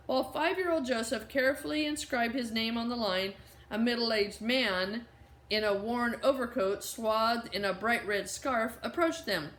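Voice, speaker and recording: A woman narrating a children's novel in a clear, steady reading voice. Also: fairly high pitch, a little slow. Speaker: audiobook narrator. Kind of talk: scripted storybook narration. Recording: roomy echo.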